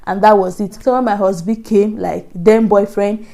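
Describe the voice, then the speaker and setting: A young woman with a Nigerian accent tells a personal story to her viewers, chatty and laughing often. Her voice has a gravelly, fry-edged texture and a warm, mellow tone. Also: mid-range voice, steady tone, moderate pace. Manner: chatty, laughing often, many "like, you know" fillers. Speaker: vlogger. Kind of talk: casual storytelling vlog.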